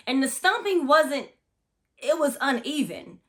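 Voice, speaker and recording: A bright, fairly high-voiced woman from Florida recounts an eerie experience in a casual vlog. Her storytelling is chatty and dramatic, with plenty of cursing thrown in. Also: lively intonation, unhurried. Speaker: massage therapist.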